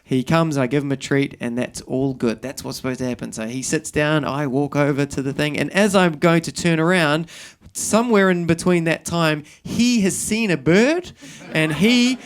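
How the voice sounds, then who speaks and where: A middle-aged man with a New Zealand accent performs stand-up on a live stage, his voice sitting a little higher than most men's. He rambles through self-deprecating stories and acts out the scenes, sometimes jumping into a shout. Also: moderate pace, clean tone. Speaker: stand-up comedian. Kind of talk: stand-up storytelling. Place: stage at a live comedy show.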